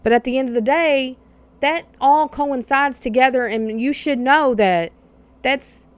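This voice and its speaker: A woman's voice: high-pitched, a little slow, clean tone. A woman hosting a podcast, telling a personal story in a blunt, candid way with plenty of swearing. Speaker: podcast host.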